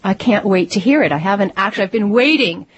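Breathy middle-aged woman from Pennsylvania. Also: medium pitch, fast. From Lancaster, Pennsylvania. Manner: animated, self-interrupting, laughs easily. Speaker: author guest. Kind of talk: radio interview conversation. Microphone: studio microphone.

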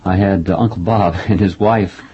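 A man hosting an interview, talking in a halting, chatty way with many pauses and fillers. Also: low-pitched, steady tone, dark tone, a little hiss or hum. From Oklahoma family roots. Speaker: interview host. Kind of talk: radio interview conversation. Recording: dull lo-fi audio.

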